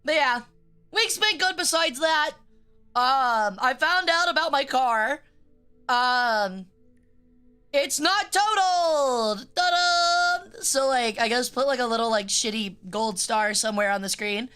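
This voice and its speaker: Young woman, casual stream chat, joking and swearing, a bit high-pitched, sharp and bright. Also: measured pace, clean tone, faint music behind. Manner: rambling, joking, swears freely.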